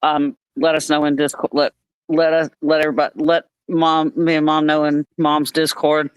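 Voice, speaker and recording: A man's voice: on the high side, level tone, moderate pace, clean tone, no echo, low-quality recording. A man co-hosting a livestream, chatting in an easygoing way with some hesitant fillers. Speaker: co-host. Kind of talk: casual livestream chat.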